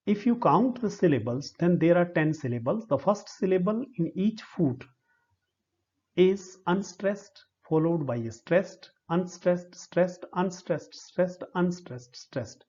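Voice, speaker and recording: A man with an Indian English accent giving a slow, deliberate lecture, spelling out syllables one by one. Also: high-pitched, lively intonation, a little mellow. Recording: dull lo-fi recording.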